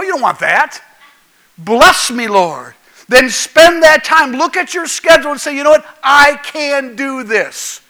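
A man's voice: high voice, pushed and bright, low-quality recording. A male pastor preaching a folksy, jokey sermon that keeps asking the congregation questions.

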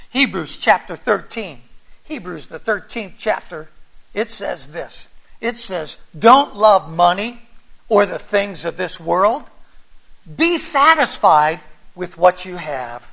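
Male pastor preaching, slow, deliberate delivery with a bright edge. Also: high voice, sing-song, creaky. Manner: preaching with rising fervor and scripture reading. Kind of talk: sermon.

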